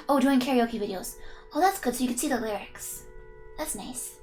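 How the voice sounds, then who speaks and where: A woman's voice: sits high, lively intonation, brisk, darkish tone, soft background music. A woman streaming a game, reading its text aloud and chatting playfully with her viewers, giggling as she goes.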